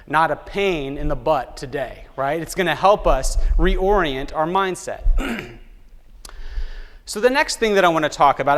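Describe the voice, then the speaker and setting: A man delivers a keynote in a large conference hall, and his slightly high voice rings with a long reverb. He keeps it lively, acting out the people in his stories and calling on the audience with questions. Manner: lively storytelling, acts out quoted people, asks the audience questions. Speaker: keynote speaker.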